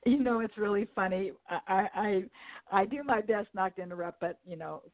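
Speaking at normal speed in a medium pitch, a woman hosts an interview podcast with an upbeat, welcoming tone. She introduces her guest and asks questions, with a few self-interrupting restarts, recorded on a dry phone-like line lacking room sound.

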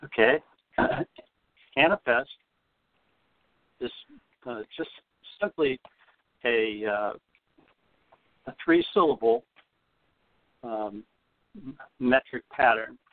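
An older man, a retired teacher, explaining things patiently in a podcast interview, with many "uh" pauses. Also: medium pitch, expressive, dry recording. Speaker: guest, retired teacher and limerick author. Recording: dry, phone-like audio.

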